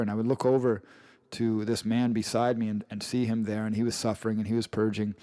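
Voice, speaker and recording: A man's voice: fairly low pitch, level tone, brisk, warm tone, no room sound. A man with an English accent narrating his own memoir audiobook, earnest and personal, with frequent restarts and repeated phrases.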